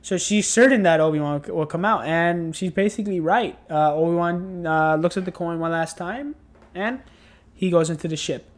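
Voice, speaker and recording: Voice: medium pitch, moderate pace. A tired, yawning reviewer talking through a casual spoken review in a rambling, exasperated way, with many restarts. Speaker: show reviewer.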